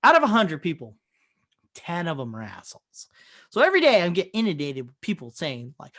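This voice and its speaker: A man in his thirties, a podcast co-host, telling stories in a casual, profane, animated way. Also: high voice, a little fast. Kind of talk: casual chat.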